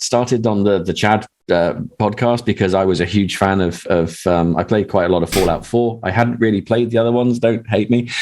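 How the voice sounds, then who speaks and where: A man on a video call, the script writer, talking in a halting, rambling way with many restarts. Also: on the low side, a little mellow. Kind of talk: casual video call chat.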